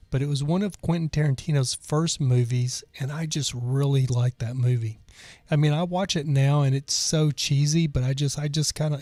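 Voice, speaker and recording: Rambling, mellow-voiced man telling a story. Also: fairly high pitch, no room sound. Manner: rambling and digressive, with frequent restarts. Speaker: podcast host. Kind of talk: casual storytelling, reading chat comments.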